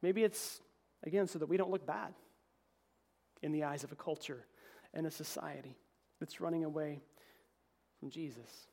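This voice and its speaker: A man preaching a sermon as pastor, reading scripture and swinging between emphatic peaks and quiet, low asides. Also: moderate pace, creaky. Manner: animated preaching, voice rising to emphatic peaks then dropping low.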